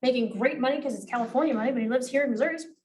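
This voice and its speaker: A woman with a slightly high voice runs a training class for agents. She talks bluntly, swears freely and acts out the lines she wants them to use. The mic picks her up from a distance. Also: very fast, a little mellow. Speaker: real estate negotiation trainer.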